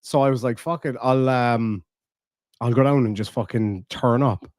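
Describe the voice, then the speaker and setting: A man's voice: mid-range voice, moderate pace, a little mellow, dry recording, clean studio sound. A man hosting a livestream, reading out donations and telling profane, jokey stories in casual chat. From Ireland. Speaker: livestream host.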